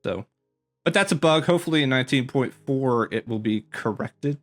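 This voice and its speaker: A man's voice: mid-range voice, animated, moderate pace, soft background music. Rambling man giving a game tour. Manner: rambling, filler-heavy, self-correcting. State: slightly out of breath. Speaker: gaming YouTuber. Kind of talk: casual game commentary tour.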